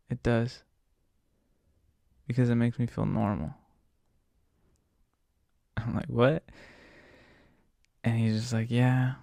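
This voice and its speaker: A man's voice: mid-range voice, vocal fry, mellow, no echo, clean studio sound. A man telling a story in a casual, profane, laid-back way as a podcast host, retelling a conversation with a passenger.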